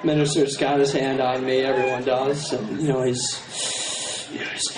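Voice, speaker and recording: A young adult man doing a stand-up routine in a halting, rambling way, full of fillers, on a university stage. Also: mid-range voice, little pitch movement. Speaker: stand-up comedian. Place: university contest stage, live audience. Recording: echoey hall, distant camera, crowd, noise.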